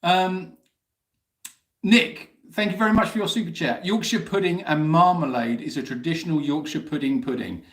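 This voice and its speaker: A man's voice: a little high, fairly quick, few pauses. A man hosting a casual live Q&A stream, chatting, teasing and reading out viewer messages. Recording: roomy echo.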